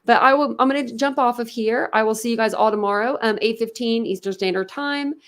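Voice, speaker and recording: A woman's voice: a little high, fairly quick, a bit bright. A woman hosting a casual true crime livestream from home, chatting and answering viewers' comments.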